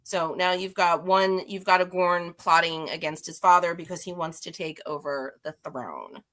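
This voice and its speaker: Woman, bright tone, lowish pitch, chatty, rambling, self-deprecating, casual comic-book recap. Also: normal speed. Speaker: guest reviewer.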